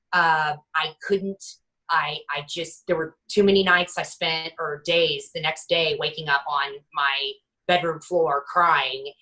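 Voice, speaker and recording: A woman in her forties, a guest author telling her personal story in an interview, halting and restarting often, acting out what others said. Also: deep voice, poor audio. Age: 40s. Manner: halting, many restarts, lively quoting of others.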